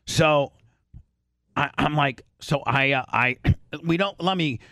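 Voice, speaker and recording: A man hosting a podcast, telling a long rambling story in casual chat, swearing freely and clearing his throat often. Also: a little high, slow, sharp tone, no echo, studio quality. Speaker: podcast host.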